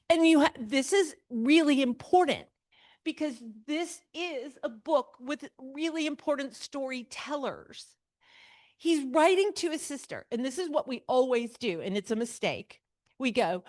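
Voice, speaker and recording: A woman teaches an adult church class on a novel as a literature lecture, speaking in a high, expressive, unhurried voice with a darkish tone. She questions her students and playfully mocks long-winded passages, and the sound is clean studio audio with no room sound.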